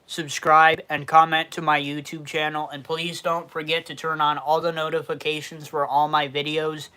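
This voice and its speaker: Loud, cussing Western New York guy. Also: on the high side, clear, resonant tone. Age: 20s. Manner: loud, heavy casual cursing. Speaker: YouTube livestream host. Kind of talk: casual livestream Q&A, reading chat.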